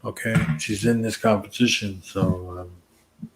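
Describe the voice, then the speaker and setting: A man's voice: fairly low pitch, steady tone, measured pace, noisy background. A man hosting a casual late-night livestream chat, joking around in a playful, laid-back way. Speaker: host.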